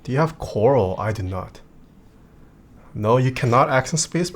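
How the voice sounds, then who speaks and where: Low-key streamer reading chat questions. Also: lively intonation, a little slow, heavy background noise. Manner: reads viewer questions aloud and answers them offhand. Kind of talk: casual livestream chat.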